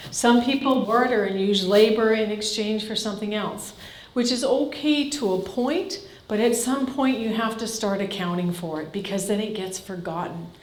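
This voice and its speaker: A woman in her fifties from Canada, a farm family coach giving a live seminar, blunt and direct, firing questions at the audience. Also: a little high. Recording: echoey hall.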